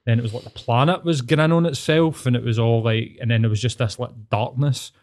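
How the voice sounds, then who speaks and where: A man's voice: mid-range voice, steady tone, fairly quick, darkish tone. A man with a Glasgow accent, a therapist telling a long story in casual, rambling chat, sweary and full of fillers. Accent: Scottish, Glasgow.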